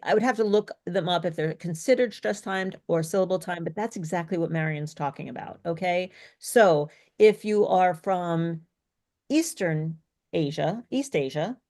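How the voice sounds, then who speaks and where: A woman's voice: on the low side, moderate pace, a little mellow. A woman teaching a live pronunciation lesson, explaining step by step and correcting herself as she thinks aloud. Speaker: speech coach.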